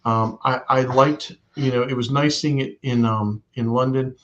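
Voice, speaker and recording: A man of middle pitch co-hosting a fan show, winding through a story with lots of "you know" and "um" and quoting the people in it. The sound is dull and lo-fi. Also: steady tone, moderate pace. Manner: rambling, many fillers, quotes others in stories. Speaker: co-host of a fan watch-along show. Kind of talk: casual fan chat.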